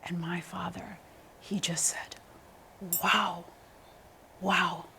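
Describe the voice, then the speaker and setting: A woman's voice: lowish voice, very slow, vocal fry, slight background noise. A woman in her thirties, a guest talking about her singing career in an interview, telling stories with lots of ums and restarts. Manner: animated storytelling with many fillers. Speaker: guest, opera singer. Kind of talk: interview conversation.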